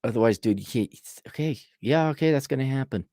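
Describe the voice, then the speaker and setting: A man's voice: medium pitch, animated, quick pace, warm tone, no room sound, studio quality. A man giving blunt, profane life advice in a sarcastic monologue.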